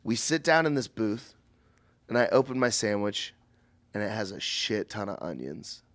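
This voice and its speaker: Animated man telling a story. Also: normal speed. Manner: animated, acts out quotes in high voices, laughs often. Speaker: podcast host. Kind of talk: casual storytelling chat.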